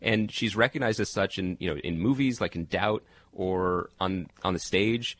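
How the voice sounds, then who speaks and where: A man, a TV critic guest on a podcast, chatting animatedly and jumping up in pitch to make a point. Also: normal speed. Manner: animated, jumps up in pitch when making a point. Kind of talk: casual chat.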